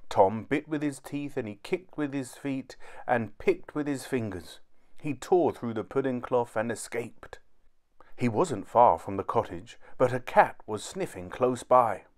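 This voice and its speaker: A man reads a children's storybook aloud in an expressive, animated way. His pitch sits mid-range for a man and moves a lot, rising and falling with the story. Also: measured pace.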